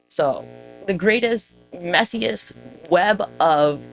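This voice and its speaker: A woman telling history as casual comedy, irreverent and profane, slipping into quick voices for the people she quotes. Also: deep voice, lively intonation, soft background music. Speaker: history storyteller.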